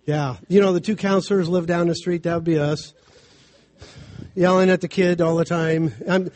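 A man's voice: high voice, fairly even intonation, a little mellow. A middle-aged man preaching a sermon as a family counselor, mixing scripture with homely stories in a conversational way. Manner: conversational, storytelling preaching with quick asides.

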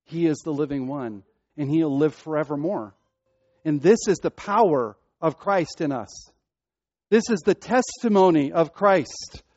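A man's voice: a little high, darkish tone, no echo. Man preaching a sermon, dull sound. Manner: preaching with rising emphasis and repetition. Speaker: pastor.

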